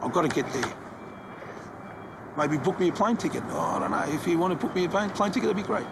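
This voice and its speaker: A man's voice: high-pitched, animated, quick pace, background noise. A man with an Australian accent, a wrestler talking earnestly and a little hesitantly in a documentary interview. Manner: earnest, hesitant, musing talk.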